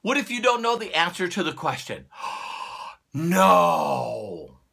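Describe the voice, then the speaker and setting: A man's voice: high voice, huge pitch swings, unhurried, vocal fry, bright, forceful tone. A man giving a motivational talk who acts out little dialogues and laughs at his own jokes. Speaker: motivational speaker.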